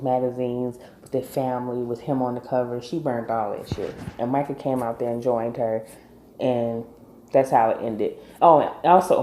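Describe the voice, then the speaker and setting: Speaking in a dark bass voice, this TV recap vlogger walks through an episode casually but emphatically, giving the characters blunt tellings-off. The room she records in is echoey.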